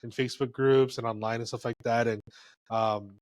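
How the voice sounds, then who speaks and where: A man with a mid-range voice chats casually as a podcast guest. He speaks as a photographer, in a relaxed, frank and filler-heavy way. The sound is dry and close to the mic. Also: medium pitch, moderate pace, dry recording.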